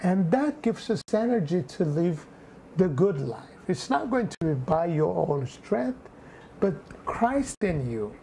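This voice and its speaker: A man's voice: high voice, very animated, measured pace, mellow, a little hiss or hum, rough recording. A man preaching a sermon in an earnest way, often repeating phrases and adding fillers.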